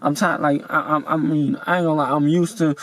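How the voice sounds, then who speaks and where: A man's voice: on the high side, steady tone, fast, fairly bright tone, no echo, poor audio. A young man telling a story in a casual vlog rant, rambling and profane, with many fillers and heated outbursts. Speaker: vlogger.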